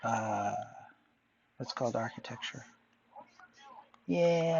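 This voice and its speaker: A man's voice: medium pitch, a little slow, creaky, long pauses, a little mellow, lo-fi sound, slight background noise. A man chatting casually to viewers while drawing, rambling and musing aloud, often answering himself. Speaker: artist vlogger.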